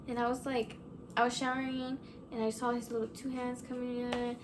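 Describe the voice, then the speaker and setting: A woman with a fairly high voice tells a ghost story casually, full of "like" and offhand swearing. Her telling is animated. Background noise hangs under the voice. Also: a little fast. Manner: animated, swears, lots of "like" fillers. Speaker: vlogger.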